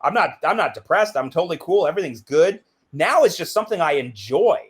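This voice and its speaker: A man's voice: a little high, animated, fairly quick, breathy edge. Intense man speaking with emphasis. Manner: intense, emphatic, uses "right?" and "like" often. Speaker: interview guest, BASE jumper. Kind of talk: reflective interview talk.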